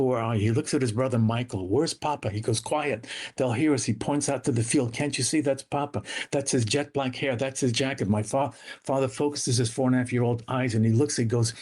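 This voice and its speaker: A man in an interview tells a family story with strong feeling. He sits at an average pitch for a man and slows right down, dropping low and quiet for the most painful quoted moments. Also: husky. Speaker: guest author.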